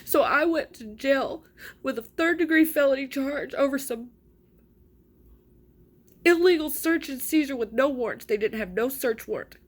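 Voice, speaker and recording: A woman's voice: high-pitched, lively intonation, moderate pace. A woman telling her own story in an indignant, frustrated, emphatic way, as a mother. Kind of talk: personal account to camera.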